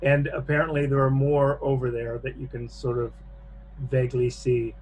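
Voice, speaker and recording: A man narrating a tabletop horror game as game master on a video call, pausing often with fillers. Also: mid-range voice, level tone, a little mellow, a little hiss or hum. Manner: halting narration with many fillers.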